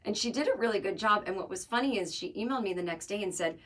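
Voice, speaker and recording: A woman's voice: mid-range voice, expressive, quick pace, hardly any pauses, a bit bright. A woman hosting her podcast alone, talking casually in a wry, joking, rambling way. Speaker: podcast host. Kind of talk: casual solo monologue.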